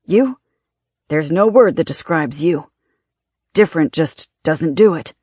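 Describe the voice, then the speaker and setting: A narrator voicing a devoted adult man teasing his lover affectionately, a little louder than the narration. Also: on the high side, lively intonation, a little slow, breathy edge, no echo, studio quality. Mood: teasing, tender.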